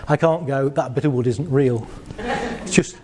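A man's voice: medium pitch, slow, crowd noise. A middle-aged man giving a casual talk to a live audience, chatty and jokey, laughing at his own stories. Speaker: speaker giving a talk on assertiveness.

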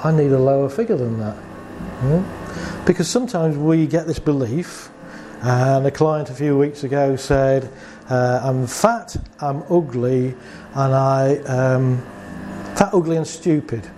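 Slow and mid-range, this man's voice comes through over a noisy background. He's a therapist talking informally about his practice, recounting client stories where he voices both sides and asks rhetorical questions.

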